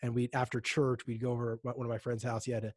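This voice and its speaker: A young man co-hosts a casual podcast, drifting through rambling stories and often restarting his sentences. His voice sits at an ordinary middle pitch. The sound is close and dry, with no room around it. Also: monotone, fast talker, darkish tone, no room sound. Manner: rambling, storytelling with many restarts. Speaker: podcast co-host. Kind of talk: casual chat.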